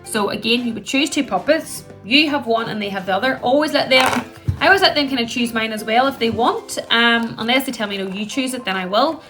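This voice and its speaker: Bright-voiced woman teaching. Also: fairly high pitch, brisk, soft background music. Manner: chatty, acts out gentle puppet voices. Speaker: play therapist. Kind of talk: instructional talk to camera.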